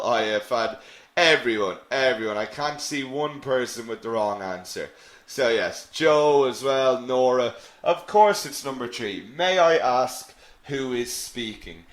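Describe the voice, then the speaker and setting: A man teaching a live online English lesson, slow and patient, who repeats phrases and answers viewers' questions. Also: mid-range voice, a bit bright. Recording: echoey room.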